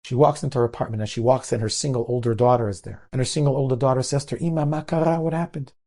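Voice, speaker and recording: A man's voice: mid-range voice, steady tone, rapid-fire, mellow. A man, a rabbi telling a moral story in an earnest sermon style, sprinkling in Hebrew words.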